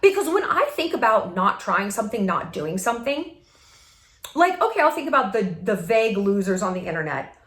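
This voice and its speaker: Animated woman in an echoey room. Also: medium pitch, a little fast. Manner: animated, emphatic, laughs often, repeats for emphasis. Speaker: vlog host. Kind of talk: casual motivational talk to camera.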